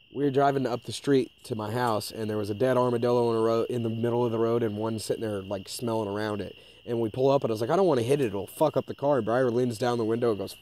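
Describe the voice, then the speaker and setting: Mellow-voiced man telling stories, swearing. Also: medium pitch. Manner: swearing, animated retelling with quoted voices. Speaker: podcast co-host. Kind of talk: casual storytelling chat.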